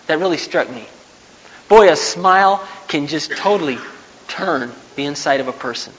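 A man giving a sermon in a conversational, storytelling manner, with sudden loud bursts. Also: sits high, animated, moderate pace. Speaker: preacher. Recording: hall reverb, faint background noise.

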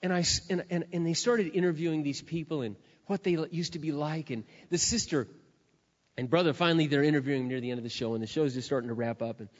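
A man preaching a sermon in a lively storytelling style, retelling a scene with dramatic acted quotes. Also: on the high side, fast. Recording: dull lo-fi with long hall reverb.

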